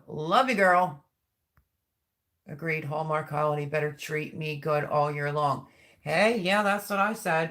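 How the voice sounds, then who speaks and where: A woman's voice: on the low side, a bit bright. A middle-aged woman hosting a live stream, chatting casually and rambling as she reads viewer comments aloud. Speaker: livestream host.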